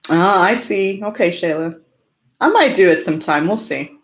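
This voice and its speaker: A woman's voice: on the low side, expressive, normal speed. Woman, live-stream host, casual chat, laughs often, filler-heavy, from Southern California. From Orange County, California.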